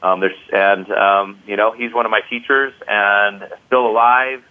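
Give me an upbeat man, a lowish voice on a tinny line. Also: steady tone, a little slow, smooth. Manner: enthusiastic, full of "you know" fillers. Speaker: qigong teacher. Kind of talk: interview guest.

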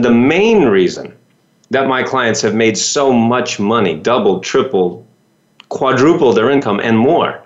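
Male business coach, animated pitch, motivational talk, rhetorical questions, slightly dull lo-fi sound. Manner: lively, rhetorical questions, folksy.

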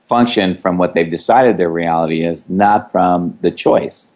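A man's voice: sits low, a little slow, a little mellow. A man co-hosting, giving instructive advice with wry asides in a casual chat. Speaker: co-host.

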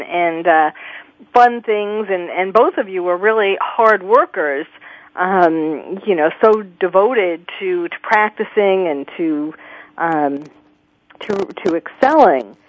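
A woman interviewing a guest on the radio, speaking softly with hesitant phrasing. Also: medium pitch, dry recording. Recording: dull lo-fi radio audio.

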